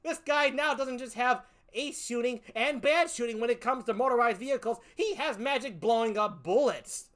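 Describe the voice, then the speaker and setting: A woman's voice: on the high side, normal speed, few pauses, a bit bright. A woman comedian doing a stand-up routine, profane, exasperated and mocking as she picks apart a film.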